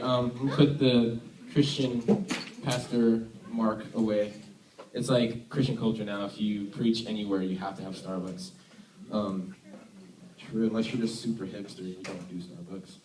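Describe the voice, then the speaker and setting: A man's voice: lowish voice, background noise. A young man from Tennessee giving a casual, joking sermon as a youth worship leader, chatty and self-deprecating. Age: young adult. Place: church hall. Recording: echoey hall, mic from far off.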